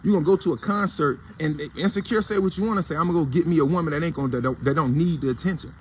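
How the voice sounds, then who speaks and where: Fast-talking man ranting in AAVE. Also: a little high, a little hiss or hum. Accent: African American Vernacular English. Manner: blunt, heated, profane and preachy. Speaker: host of a morning commentary show. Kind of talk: casual commentary rant.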